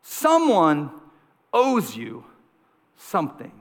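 High-voiced man preaching in a reverberant hall. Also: huge pitch swings, drawn-out words. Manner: storytelling with rhetorical questions and repetition. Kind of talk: sermon.

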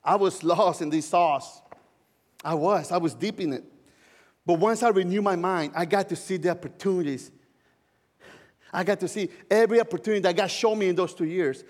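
A male pastor with a notably high voice gives a heartfelt sermon that works his own story in, with soft laughs here and there. His words ring through a long reverb from a large church hall. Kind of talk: sermon with personal testimony.

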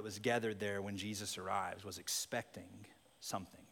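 A man preaching a sermon as pastor, telling a story with animated, expressive delivery and dropping into hushed reflective moments. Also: fairly low pitch, moderate pace, creaky, long reverb tail.

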